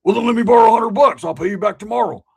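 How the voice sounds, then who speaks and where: Loud and insistent, this is a paranoid tweaker who won't stop pleading, pitched up high, as a man puts him on in a story. He whines and pushes, bright-toned and forceful. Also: lively intonation, fast talker, creaky, husky, heavily acted.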